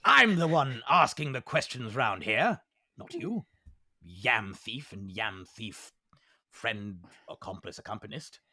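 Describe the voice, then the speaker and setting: Man doing a loud, bossy cat-skull chief in a tabletop game, shouty and swinging in pitch. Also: very animated, slow pace, no echo, clean studio sound, exaggerated voice. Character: blustering male lion-cult leader in cat skull cap.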